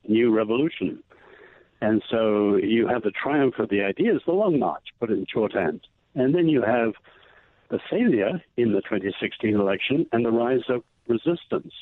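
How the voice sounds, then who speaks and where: A man being interviewed, arguing in a measured, emphatic way about politics. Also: mid-range voice, dry recording. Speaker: guest. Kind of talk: political conversation. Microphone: phone line. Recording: tinny phone line, dry.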